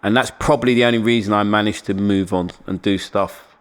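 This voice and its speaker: A middle-aged man with a London accent, a podcast guest telling animated stories and laughing as he goes. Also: lowish voice, a little fast, clean tone. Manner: animated, laughing, swings into voices. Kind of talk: casual storytelling chat.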